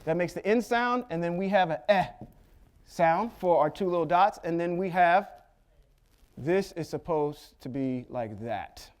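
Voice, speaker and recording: Slightly high and a bit slow, this Bible teacher's voice has lively intonation. He patiently walks through Hebrew letters and vowels in a Torah lesson, pausing to ask "okay?" and making small jokes.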